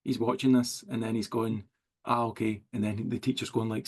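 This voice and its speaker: Gravelly Scottish man telling stories. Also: medium pitch, level tone, fast, a little mellow. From Scotland. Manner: rambling anecdotes with many likes and quoted dialogue. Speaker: writer, interview guest. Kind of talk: casual storytelling chat.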